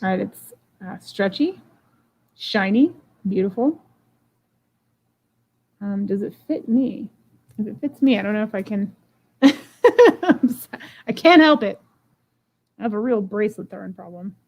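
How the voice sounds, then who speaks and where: A woman's voice: medium pitch, lively intonation, normal speed, creaky, long pauses, a little mellow. A woman selling jewelry on a live stream, chatting playfully and joking about herself as she unboxes and runs auctions. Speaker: online jewelry seller. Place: home room.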